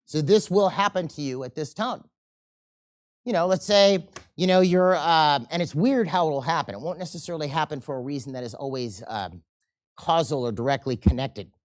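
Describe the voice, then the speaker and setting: A man teaching a seminar, animated and often checking in with the audience, and acting out quoted people in changing voices. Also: fairly high pitch. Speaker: seminar instructor. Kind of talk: live seminar lecture.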